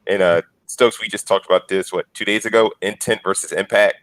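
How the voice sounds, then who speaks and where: A man's voice: sits low, fairly even intonation, a little fast, fairly bright tone, dry recording, low-quality recording. A man in his forties on a podcast panel, telling earnest stories and acting out the lines he quotes. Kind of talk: casual panel discussion.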